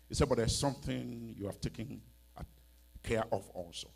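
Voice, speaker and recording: A man preaching a sermon, swinging from hushed storytelling to loud emphatic cries and repeating lines for effect. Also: on the low side, measured pace, gravelly, slightly rough.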